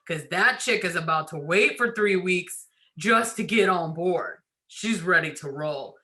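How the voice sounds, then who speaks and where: Chatty woman team leader, mid pitch, very bright edge, laughs and acts out lines. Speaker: sales team leader giving a training. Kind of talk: casual recruiting training talk.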